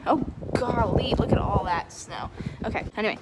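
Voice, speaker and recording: A woman's voice: on the high side, a little fast. A young woman talking playfully, with exclamations, in a casual vlog among friends. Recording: noisy phone recording.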